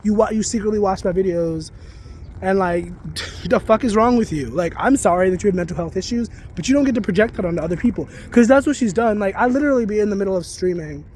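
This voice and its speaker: A man's voice: high-pitched, fast, darkish tone, a little hiss or hum. A man venting in a casual vlog rant, heated and full of swearing, recorded outdoors. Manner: profane, heated, rambling. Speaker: psychic reader and spiritual content creator. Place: outdoors near geese.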